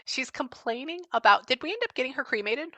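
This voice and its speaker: A woman giving a casual psychic reading, chatting as she relays what she senses with frequent pauses and fillers. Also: high-pitched, animated, bright, forceful tone, no room sound. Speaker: psychic medium.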